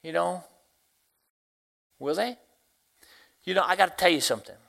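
Bright-voiced preacher man. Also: high-pitched, creaky. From Tennessee, US. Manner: swings from hushed to loud exclamations; quotes scripture in slow, drawn-out phrasing. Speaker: deacon and Sunday school teacher. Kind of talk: sermon.

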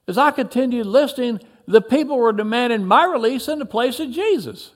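A man tells a dramatic story in the first person, moving between excited telling and hushed reflection. His voice is high and swings widely in pitch throughout. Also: normal speed.

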